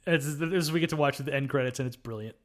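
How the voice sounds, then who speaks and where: A man's voice: medium pitch, quick pace. A man co-hosting a film review podcast, casually retelling movie scenes with lots of "uh" and "um". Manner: retells scenes with frequent fillers. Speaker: podcast co-host.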